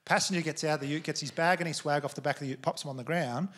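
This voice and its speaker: A man's voice: fairly high pitch, very fast, fairly bright tone. An Australian man in his thirties performing a stand-up comedy set, telling rambling stories full of swearing. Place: theatre stage with live audience.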